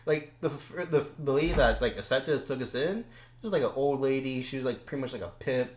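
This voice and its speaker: A man's voice: mid-range voice, fast, slight background noise. Young guy chatting on a podcast, chill and profane, mid voice, echoey room. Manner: laid-back storytelling, heavy swearing. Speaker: podcast guest. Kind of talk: casual chat. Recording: roomy echo.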